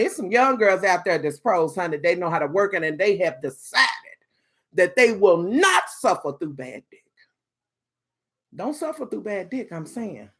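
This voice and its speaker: A woman's voice: fairly low pitch, slightly rough. Sassy, bawdy woman live-streaming. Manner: sassy, bawdy, laughing asides to viewers. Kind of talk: casual live-stream chat.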